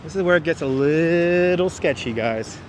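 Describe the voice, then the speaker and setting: A New York man walks a city waterfront, chatting and joking with his livestream viewers. His voice sits a little high. A clip-on mic catches him up close, with faint traffic noise outdoors. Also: expressive, normal speed. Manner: chatty, jokey, addresses the chat. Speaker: livestream host. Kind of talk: live walking tour commentary. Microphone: wireless clip-on mic.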